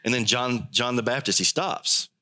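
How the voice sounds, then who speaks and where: A man's voice: medium pitch, moderate pace. A man preaching a sermon, acting out the voices of the people he quotes. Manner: animated, acts out quoted voices. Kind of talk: sermon teaching.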